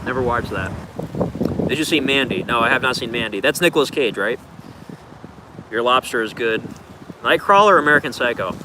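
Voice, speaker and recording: A man's voice: mid-range voice, expressive, fairly quick, pauses often, background noise. A man casually answering viewer questions on a livestream, rambling in a laid-back way with plenty of filler words.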